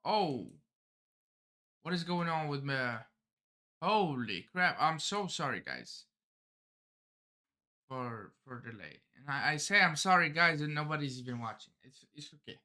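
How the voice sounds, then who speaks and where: A man's voice: a little high, big pitch swings, measured pace, pauses often, sharp tone. A man hosting a live manga reaction, rambling and often stumbling and restarting his sentences. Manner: rambling, self-interrupting, stumbles over words.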